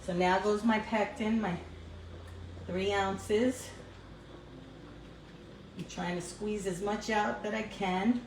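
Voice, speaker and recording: A woman's voice: mid-range voice, fairly even intonation, slow pace, pauses often, a little mellow. Older New York woman cooking and chatting. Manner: chatty, laughs often, talks while cooking. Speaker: cooking livestream host. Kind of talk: casual cooking chat. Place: home kitchen. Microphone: phone. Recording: echoey room, faint background noise.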